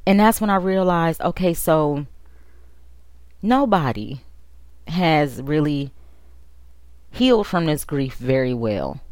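Woman podcaster with a really low voice, talking open and emotional about her own stuff, dry sound. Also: animated, darkish tone, dry recording. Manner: candid and emotional, with quick asides. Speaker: podcast host. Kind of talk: personal storytelling on a podcast.

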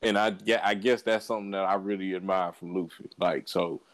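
Animated male podcast co-host. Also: low voice, a little fast, rough recording. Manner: animated storytelling, laughs and stumbles over words. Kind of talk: casual chat.

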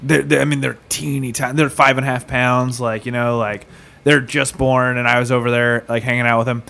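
A man's voice: mid-range voice, level tone, a little fast, creaky, bright, forceful tone. A man in his thirties in a casual podcast chat, joking and teasing the others. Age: 30s. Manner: teasing, trolling banter.

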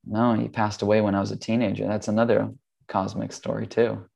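Low gravelly man telling a family story. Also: level tone, fairly quick, a little mellow. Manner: earnest, rambling, frequent ums. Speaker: guest. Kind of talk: casual storytelling.

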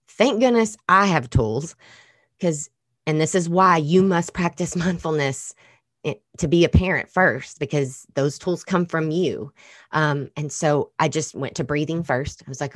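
A woman in her thirties, a mother, telling a personal story in casual chat, earnest and animated, with many fillers. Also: low voice, a little slow, no room sound, studio quality.

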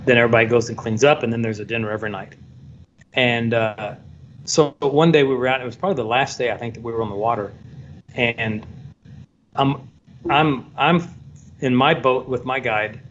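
A man working as a photographer, telling a story in a casual, animated way and acting out the voices of the people in it. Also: mid-range voice, normal speed, long pauses. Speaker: photographer guest. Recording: dull lo-fi sound, faint background noise.

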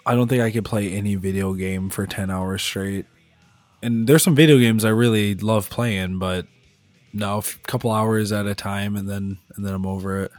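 A young man co-hosts a podcast in relaxed chat, laughing easily. His voice sits somewhat low and sounds dry and close, with faint guitar music behind. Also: normal speed, dry recording. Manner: easygoing, laughs often. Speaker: podcast co-host. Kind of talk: casual chat.

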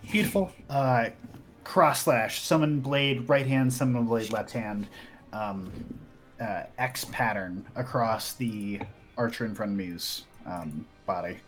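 A man's voice: medium pitch, slow pace, faint music behind. A man playing a tabletop game, thinking aloud and correcting himself as he goes. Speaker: player. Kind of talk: casual tabletop play.

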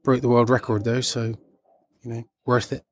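A man's voice: mid-range voice, level tone, normal speed. A young man chatting on in a rambling, cheerfully oblivious way as a street entertainer in a comedy sketch.

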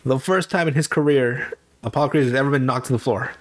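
A young man hosting a podcast who casually recaps movies, rambles and swears often. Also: mid-range voice. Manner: rambling, swears often, acts out characters with quick put-on voices. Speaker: podcast host.

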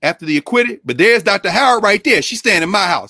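A man's voice: high-pitched, quick pace, no room sound, studio quality. A man speaking as a scholar and co-host in an impassioned, lecture-style talk, rhythmic and emphatic, often repeating his points. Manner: animated, rhythmic, emphatic repetition.

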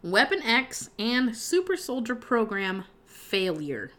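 A woman's voice: on the high side, big pitch swings, takes it slowly, bright, forceful tone. A woman co-hosting a casual movie podcast, blunt and swearing freely as she gives her takes. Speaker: podcast co-host. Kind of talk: casual movie review chat.

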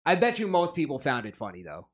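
A man's voice: on the high side, wildly swooping pitch, quick pace, slightly rough. A man co-hosting a casual podcast, blunt and profane, reading news quotes aloud and riffing on them. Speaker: podcast co-host.

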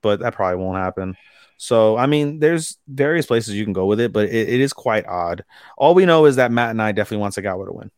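A man's voice: lowish voice, animated, quick pace, dry recording, studio quality. A man co-hosting a podcast, chatting casually and giving blunt opinions with some swearing. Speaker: podcast co-host. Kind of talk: casual chat.

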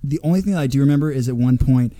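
A young man co-hosting a podcast, recounting his memories in a relaxed way, full of fillers and "like". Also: mid-range voice, racing, no echo. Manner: relaxed, filler-heavy, says "like" often. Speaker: podcast co-host. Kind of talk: casual storytelling chat.

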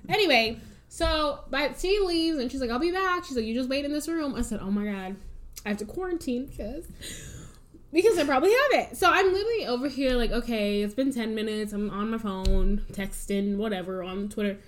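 Animated high-voiced young woman storyteller. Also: brisk, a little hiss or hum. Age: young adult. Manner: animated storyteller, acts out quotes with big pitch jumps. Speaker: podcast co-host. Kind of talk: casual storytelling chat.

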